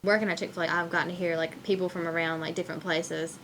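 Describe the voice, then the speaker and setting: A woman's voice: fairly low pitch, little pitch movement, quick pace, fairly bright tone, slight background noise. A young woman, chatting casually with lots of fillers. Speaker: interviewee. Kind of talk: casual interview talk.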